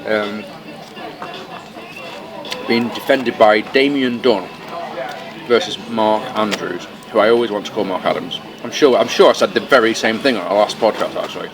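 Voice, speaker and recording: Man, casual podcast co-host, chatty, swears, loud crowd chatter behind, restaurant. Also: lowish voice, moderate pace, long pauses. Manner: chatty, swears casually, talks while eating. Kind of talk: casual chat. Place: fast-food restaurant. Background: busy restaurant crowd chatter.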